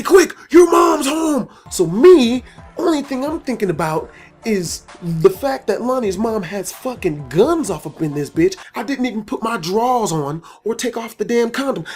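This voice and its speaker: Profane, animated male storyteller. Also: high-pitched. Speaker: storytelling video host. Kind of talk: casual storytime vlog.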